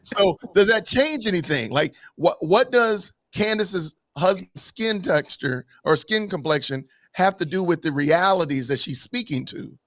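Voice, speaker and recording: A man's voice: high voice, animated, measured pace, few pauses, fairly bright tone, no room sound. A man taking part in a live online panel discussion over a video call, arguing emphatically with many rhetorical questions. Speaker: panel guest.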